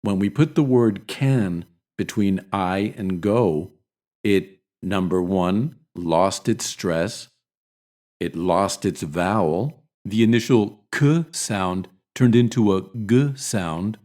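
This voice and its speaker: American guy teaching pronunciation, real low voice, slow and careful, repeats sounds for you. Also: dark tone. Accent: General American. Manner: deliberate, slowly demonstrates sounds. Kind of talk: scripted instructional narration.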